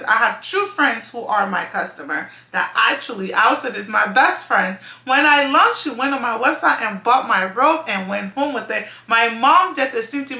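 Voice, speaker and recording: A woman's voice: a little high, gravelly, bright, forceful tone, reverberant. A woman running a clothing brand, giving earnest casual advice on a vlog, often correcting herself mid-sentence. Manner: earnest, effusive, restarts and self-corrections. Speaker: clothing brand owner and channel host.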